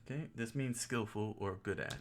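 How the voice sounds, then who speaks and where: A man's voice: fairly low pitch, moderate pace, a little hiss or hum. A man streaming his own Japanese study, reading words and meanings aloud, joking and correcting himself as he goes. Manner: jokey, thinking aloud, with self-corrections. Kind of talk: casual self-study stream.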